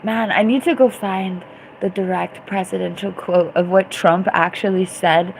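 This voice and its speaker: A woman's voice: mid-range voice, fairly even intonation, a little slow, vocal fry, slight background noise, poor audio. A woman hosting a live stream, chatting casually, reacting to viewer comments and often laughing. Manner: chatty, giggly, reacting loudly to chat. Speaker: livestream host and DJ.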